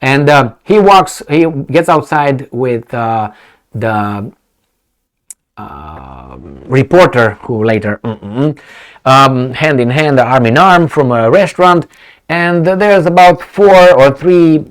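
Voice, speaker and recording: A man's voice: medium pitch, slow pace. A man giving off-the-cuff political commentary, rambling with restarts and sarcastic asides.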